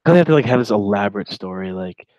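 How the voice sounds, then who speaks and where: A man's voice: on the low side, expressive, fast talker, darkish tone, no room sound, highs cut off. A man in his twenties giving casual, rambling reaction commentary while reading a chat log, with sarcastic asides.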